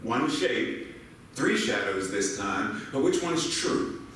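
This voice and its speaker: A man's voice: on the low side, takes it slowly, a little hiss or hum. An older American man giving a sermon as a minister, telling playful stories and asking the congregation questions. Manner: animated, playful storytelling with rhetorical questions. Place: church sanctuary. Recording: echoey hall mic from far off.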